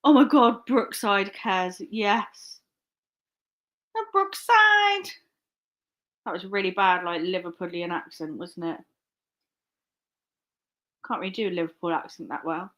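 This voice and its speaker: A woman's voice: lowish voice, steady tone, moderate pace. A young woman chatting casually on a live stream. She rambles, laughs often and swears freely. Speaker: online reseller live-streaming.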